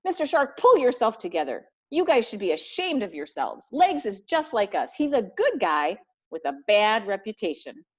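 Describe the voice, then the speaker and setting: A woman's voice: a little high, huge pitch swings, moderate pace, pitched above the performer's own voice. A woman doing an earnest, bossy wolf. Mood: scolding. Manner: encouraging, scolding like a coach. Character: earnest male wolf leader, upbeat. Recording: dull lo-fi recording.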